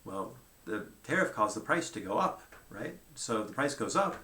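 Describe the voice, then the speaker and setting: A man's voice: mid-range voice, sing-song, moderate pace, hardly any pauses, sharp tone, reverberant. A man giving a conversational lecture at a whiteboard, thinking aloud and checking in with "right?" as he goes.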